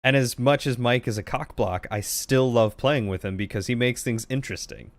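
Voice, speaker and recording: A man's voice: mid-range voice, moderate pace. A man casually commentating his game playthrough, joking and reading lines aloud. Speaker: streamer playing a game. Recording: game music underneath.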